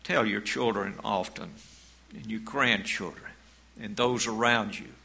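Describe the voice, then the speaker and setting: A man preaching a sermon as pastor, in a slow, measured way, reading scripture aloud. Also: on the low side, gravelly, sharp tone, low-quality recording.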